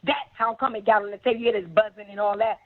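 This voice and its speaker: A woman's voice: mid-range voice, fairly even intonation, quick pace. A middle-aged woman telling a story as an interview guest, blunt, profane and emphatic. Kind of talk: candid storytelling. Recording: tinny phone-like sound.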